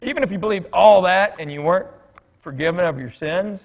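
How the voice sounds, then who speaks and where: A high-pitched, brisk voice belongs to this middle-aged guest speaker at church. He delivers a conversational, anecdotal sermon in a folksy way, acting out bits of dialogue from others, while the church hall gives a long reverb.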